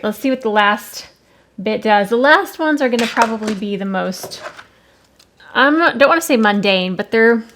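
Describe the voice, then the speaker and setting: A woman's voice: mid-range voice, a bit bright. A woman hosting an art channel, chatting casually and rambling a little as she swatches watercolors at her desk. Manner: musing, rambling, self-correcting. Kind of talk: casual talk while swatching paints. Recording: faint background noise with clicks.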